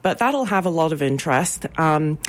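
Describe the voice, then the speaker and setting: As a radio interview guest, a woman representing a business improvement association chats upbeat about its events, her speech full of ums. Her low voice is expressive and moves at a normal speed.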